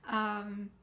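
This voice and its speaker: A young woman vlogger candidly telling a personal story, getting animated when she quotes others. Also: mid-range voice. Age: young adult.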